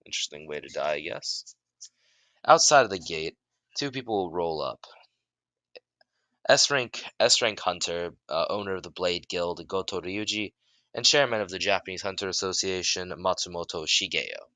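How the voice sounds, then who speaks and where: A man improvising a story as narrator, halting with many restarts and fillers. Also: low-pitched, lively intonation, bright, forceful tone, dry recording.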